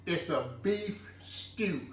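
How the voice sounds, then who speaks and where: A man's voice: sits high, expressive, very slow. A man hosts a home cooking video, walking through a stew recipe in a folksy, chatty way. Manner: folksy, chatty, fond of saying "look". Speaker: home cooking channel host. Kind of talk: casual cooking demonstration. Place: home kitchen. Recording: echoey kitchen, mic a bit far off.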